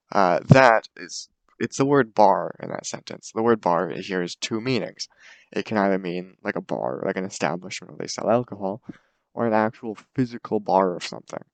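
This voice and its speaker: A man's voice: lowish voice, creaky, dry recording. A young man giving a casual, hesitant class presentation full of fillers. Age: young adult. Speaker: student presenter.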